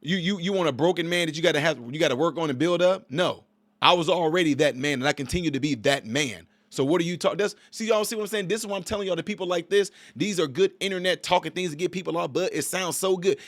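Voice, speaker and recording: A man's voice: on the high side, quick pace, a bit bright, dry recording. A man in his forties giving opinionated reaction commentary on a video clip, emphatic and preachy, repeating himself.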